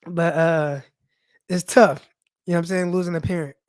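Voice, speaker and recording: A man's voice: high-pitched, steady tone, quick pace, a little mellow, no echo, studio quality. A young man hosting a sports podcast, talking loosely and personally with many fillers, teary-eyed as he speaks. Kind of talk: casual heartfelt monologue.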